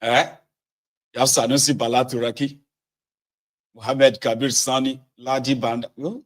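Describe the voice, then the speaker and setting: A middle-aged man, hosting casual political commentary with sardonic, animated delivery. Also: medium pitch, moderate pace. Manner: animated, sardonic, swinging between mutters and outbursts.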